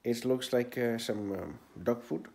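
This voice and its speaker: A man's voice: medium pitch, measured pace, creaky, mellow. A man casually narrating his own vlog like a mock tour guide, talking in a put-on accent he can't place. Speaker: comedian vlogger.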